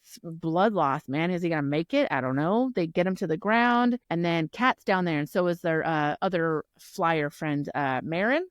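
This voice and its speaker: Lively woman recapping a book. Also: lowish voice, normal speed, hardly any pauses, dry recording, clean studio sound. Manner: animated recapping with laughs and acted quotes. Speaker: podcast co-host. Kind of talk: casual book chat.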